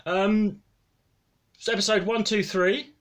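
A man's voice: high-pitched, fairly even intonation, takes it slowly. A man co-hosting a casual podcast, jokey and self-mocking. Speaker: podcast co-host.

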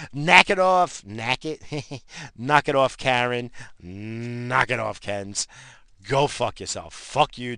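A man ranting angrily to the camera, swearing constantly and bursting out in animated, profane outbursts. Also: mid-range voice, vocal fry, dry recording. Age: adult with a job and in-laws. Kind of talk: profane comic rant.

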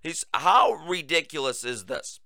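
Sarcastic guy with a cough doing his political radio show, raspy and kinda high voiced. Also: sing-song, a little slow, bright, forceful tone, dry recording. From United States. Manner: sarcastic, mocking, conversational asides to "folks". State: recurring cough. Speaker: political talk show host. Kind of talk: solo opinion commentary.

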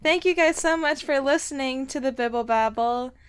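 A woman's voice: high voice, moderate pace. A young woman hosting a casual podcast, teasing her co-hosts, laughing and cursing casually. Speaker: podcast host.

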